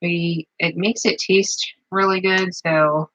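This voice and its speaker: A woman's voice: fairly low pitch, fairly even intonation, slow, hardly any pauses, fairly bright tone, dry recording, poor audio. A woman chatting casually as she shows a recipe at her farmhouse table, rambling with plenty of fillers. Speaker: home cook vlogger. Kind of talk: casual cooking demonstration.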